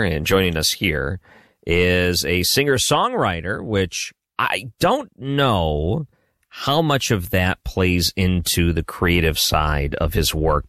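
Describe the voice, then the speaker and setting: Deep-voiced talk radio host, dry studio sound. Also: male voice, a bit bright, no echo. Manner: friendly, chatty, laughs often. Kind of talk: late-night talk radio interview.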